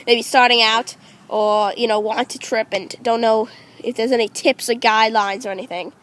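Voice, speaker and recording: High-voiced young woman hosting a spoof. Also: steady tone, moderate pace, a bit bright, rough recording. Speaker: interviewer and host. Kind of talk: improvised mock documentary.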